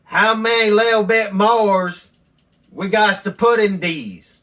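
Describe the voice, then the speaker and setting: A man voicing his simple-minded adult male friend, who hollers his questions in a high, eager voice. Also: slow pace, pushed and bright, recorded from a distance, heavily acted.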